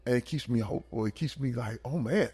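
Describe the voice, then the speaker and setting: A man in his fifties, a podcast guest, telling stories in an emphatic, animated way in casual conversation. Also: medium pitch, fast talker, breathy edge. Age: 50s.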